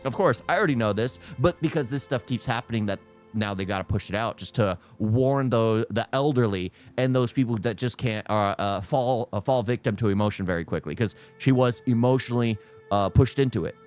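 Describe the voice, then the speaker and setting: A man's voice: lowish voice, brisk, a little mellow, faint music behind. A man hosting a reaction video, giving rambling, casual commentary and laughing often.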